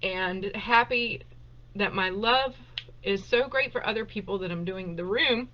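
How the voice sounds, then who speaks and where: A woman's voice: medium pitch, unhurried, lo-fi sound, slight background noise. A woman chatting casually and emotionally on a home livestream, with lots of fillers and laughter. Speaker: host of a live Q&A stream. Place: at home, indoors. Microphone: webcam on a desktop.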